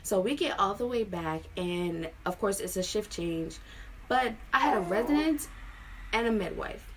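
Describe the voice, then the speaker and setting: With lively intonation and a fairly bright mid-range voice at normal speed, a twenty-something woman from Maryland vlogs about something that happened to her. She's casual, frank, and heavy on fillers, and there's a little hiss or hum in the audio.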